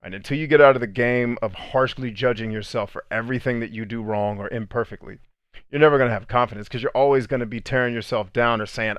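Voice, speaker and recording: A man's voice: mid-range voice, quick pace, clear, resonant tone, dry recording, muffled recording. A man in the middle of his range talks through a self-help podcast, plain-spoken and emphatic. The sound is dry and close, with no room around it. He mixes casual swearing with conversational asides to the listener. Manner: blunt, emphatic, profane; conversational, frequent "right?" asides. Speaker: podcast host and coach. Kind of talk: motivational podcast monologue.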